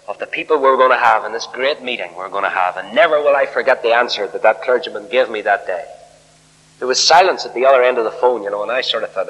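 Older preacher in reverberant hall. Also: male voice. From Northern Ireland. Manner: emphatic, rising to loud peaks then dropping low. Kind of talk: sermon.

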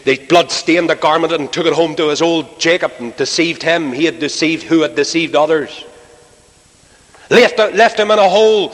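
Male preacher, fairly high voice, theatrical delivery with sudden hushes, long hall reverb. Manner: dramatic, acts out biblical voices, swings between loud and hushed. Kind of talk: sermon.

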